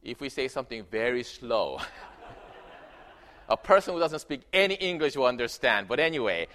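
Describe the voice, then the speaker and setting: A man preaching a sermon in a church, telling a story with animated swings between loud emphasis and quiet narration. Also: medium pitch, moderate pace. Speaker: pastor. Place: church sanctuary.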